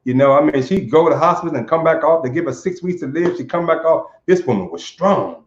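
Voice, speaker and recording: A man from Saint Louis tells a personal story in an earnest, halting way, often doubling words as he speaks. His voice sits a little high for a man. The recording is dull and lo-fi, with a roomy echo around him. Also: expressive, slight background noise. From Saint Louis, USA. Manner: earnest, stammers on repeated words.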